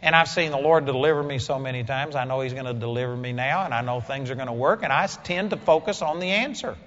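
A man preaching a sermon with a blunt, emphatic delivery that builds to loud exclamations, in a dull, echoey hall recording. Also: mid-range voice, fast talker.

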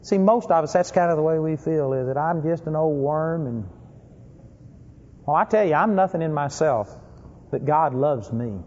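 A man preaching a sermon, emphatic, swinging between loud stressed phrases and low asides. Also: expressive, normal speed. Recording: lo-fi recording with long hall reverb.

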